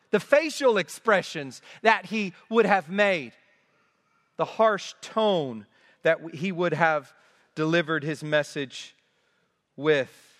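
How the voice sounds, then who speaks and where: A high-pitched man delivers a slow, deliberate sermon in a church sanctuary. He leans on repeated phrases for emphasis, and his voice rings with the long reverb of a large hall. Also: a bit bright. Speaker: preacher.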